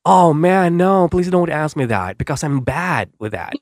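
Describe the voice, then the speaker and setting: A woman's voice: sits low, expressive, measured pace, darkish tone, no room sound, clean studio sound. A woman hosting a casual chat, enthusiastic and easily impressed. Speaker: host.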